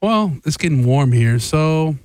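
A man's voice: on the high side, expressive, measured pace, a little mellow, dry recording. A man co-hosting a radio show, joking in a laid-back way. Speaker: radio co-host. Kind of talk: casual talk radio banter.

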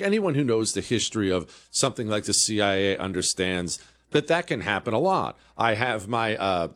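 A man's voice: mid-range voice, fairly bright tone. A middle-aged man hosting a talk radio show, delivering an opinionated monologue full of sarcastic rhetorical questions.

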